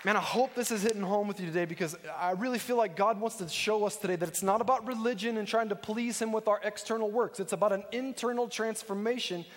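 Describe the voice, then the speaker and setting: A man's voice: sits high, fast, few pauses, in a large hall, a faint crowd. A man preaching a sermon as a pastor, emphatic and repetitive, moving from teaching to storytelling. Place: church sanctuary.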